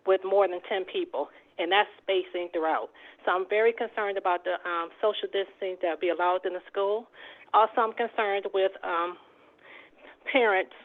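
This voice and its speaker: Polite concerned woman on a phone line. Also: medium pitch. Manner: polite, concerned, many um fillers. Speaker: parent and healthcare provider. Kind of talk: public comment at a meeting.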